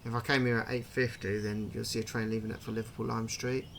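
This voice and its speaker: A man's voice: lowish voice, flat delivery, fast talker, creaky, a bit bright, slight background noise. A man giving casual, chatty commentary while playing a train game, thinking aloud and puzzling over details. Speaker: gaming channel host.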